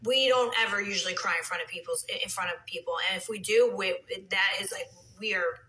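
A woman chatting casually on a live stream, reading comments, drifting into soft whispers and heated rants. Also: medium pitch, a little fast, roomy sound, low-quality recording. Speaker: reality TV personality on a live stream. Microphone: phone.

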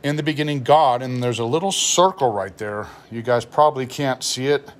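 A pastor showing a study Bible and explaining its notes in a relaxed, explanatory way, reading passages aloud as he goes. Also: mid-range voice, normal speed. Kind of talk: Bible unboxing review.

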